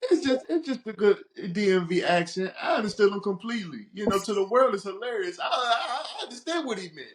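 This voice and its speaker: A man's voice: sits high, lively intonation, a little fast, hardly any pauses. A man co-hosting a podcast in casual chat, easygoing, joking and explaining his view. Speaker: podcast co-host.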